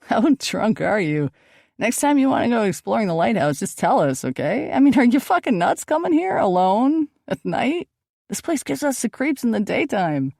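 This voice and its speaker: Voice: medium pitch, big pitch swings, moderate pace, vocal fry, a little mellow, no room sound, studio quality, pitched above the performer's own voice. An audiobook narrator voicing a shaken young man who curses in agitation. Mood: agitated. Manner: agitated, swearing.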